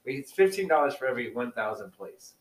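A man's voice: medium pitch, expressive, fast, distant mic. Casual male podcast co-host, rambly and laughing, a bit off-mic in a roomy space. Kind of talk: casual chat.

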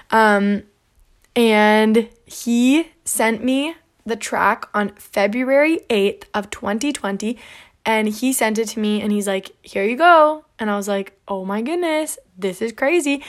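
Young female podcaster, slightly high-pitched, casual storytelling monologue full of "like". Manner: chatty, peppered with "like", acts out quoted dialogue. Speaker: podcast host.

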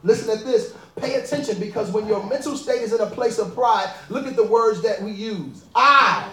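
A woman preaching a sermon in a lively, animated way, often laughing and calling out to the congregation. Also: mid-range voice, brisk. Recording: echoey room.

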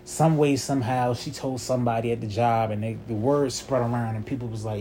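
A man's voice: medium pitch, fairly even intonation, fairly quick, few pauses, warm tone, slight background noise. A man in his twenties telling a long story in a casual, rambling and profane way, with constant "you feel me" fillers.

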